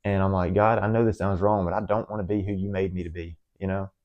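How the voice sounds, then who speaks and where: A young man with a drawl speaks in a lowish voice. He rambles earnestly through a personal confession to the camera, stumbling over restarts and fillers. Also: steady tone, fast talker, dull audio. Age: young adult. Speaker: vlogger.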